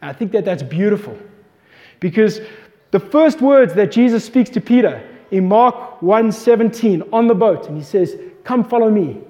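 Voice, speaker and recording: A man's voice: high voice, animated, normal speed, warm tone. A man preaching a sermon, retelling a scripture story with passion and asking his listeners questions. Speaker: pastor. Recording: long hall reverb.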